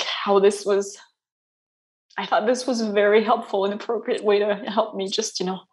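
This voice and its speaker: A young adult woman, an interview guest, speaks in a soft, halting way. Her voice sits at a middling pitch, and she restarts her sentences often and leans on fillers. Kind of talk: personal interview.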